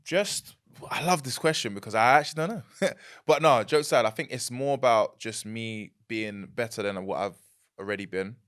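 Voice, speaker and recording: A young man with a London accent, chatting as a podcast guest, animated and quick to laugh. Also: mid-range voice. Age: young adult. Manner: animated, laughs easily, repeats words. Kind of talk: casual chat.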